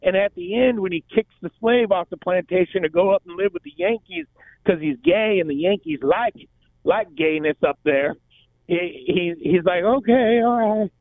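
Radio co-host, man, retells comedy bits with lively voices, thin phone-like sound. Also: high-pitched, normal speed, gravelly, dry recording. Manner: animated storyteller, acts out quotes. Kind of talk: casual radio talk. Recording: tinny phone-like band, dry.

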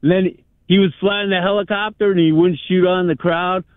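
Brief: jokey male caller, high voice, phone-line sound. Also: steady tone, moderate pace, clean tone, no echo. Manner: teasing, jokey.

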